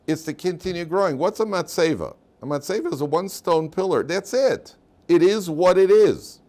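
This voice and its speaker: A man's voice: sits high, animated, moderate pace, warm tone. A man teaching an informal Torah class as a rabbi, chatty and full of rhetorical questions, acting out little quotes as he goes. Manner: conversational, asks rhetorical questions, acts out quotes.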